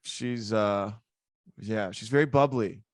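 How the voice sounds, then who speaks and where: A man's voice: fairly low pitch, takes it slowly, no echo, clean studio sound. A man hosting a casual podcast interview, asking easygoing questions and laughing along with his guest. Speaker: podcast host.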